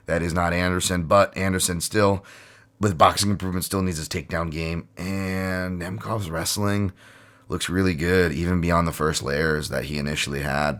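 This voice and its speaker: A man's voice: deep voice, a bit bright. A man hosting a solo podcast in a casual, rambling, profane way, with lots of fillers. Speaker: podcast host.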